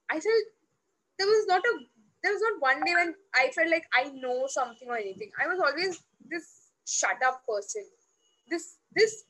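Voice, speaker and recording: High-voiced woman. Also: low-quality recording. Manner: animated, acts out quoted dialogue; loose, restarting, many fillers. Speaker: interview guest. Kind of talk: personal storytelling.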